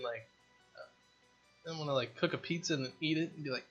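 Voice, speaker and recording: A man with a bright, forceful voice talks casually through a dev vlog, rambling and poking fun at himself as he works on his game from a home basement. Faint music plays quietly underneath. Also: fairly high pitch, fast, pauses often, breathy edge, dull audio. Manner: rambling, self-deprecating, joking. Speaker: indie game developer. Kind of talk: casual dev vlog talk while programming.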